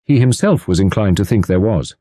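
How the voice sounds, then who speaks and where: Male narrator, expressive scripted reading, low and dry. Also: brisk, no echo. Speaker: audiobook narrator. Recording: dry close studio sound.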